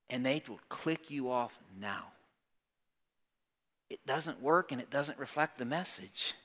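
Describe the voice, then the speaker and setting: A man preaching a sermon to a congregation, talking conversationally and swinging between quiet, earnest asides and loud, emphatic bursts. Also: medium pitch, unhurried, pauses often. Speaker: pastor. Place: church service before a congregation.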